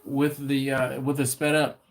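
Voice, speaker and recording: A man's voice: mid-range voice, level tone, a little slow. Chatty man rambling on a livestream. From not from Baltimore. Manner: rambling, laughs often, restarts sentences. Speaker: livestream host. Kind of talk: casual live-stream chat.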